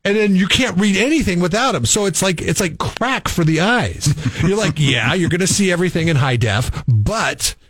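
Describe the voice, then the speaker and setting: A man's voice: high voice, expressive, moderate pace, a bit bright, dry recording. A man co-hosting a casual morning radio show, rambling wryly through stories. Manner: rambling, wry, storytelling.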